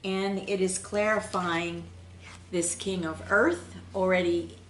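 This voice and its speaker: Low-pitched woman reading tarot cards. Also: steady tone, takes it slowly, echoey room, slight background noise. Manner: gentle, flowing, with fillers and restarts. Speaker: intuitive tarot reader. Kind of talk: unscripted spiritual card reading.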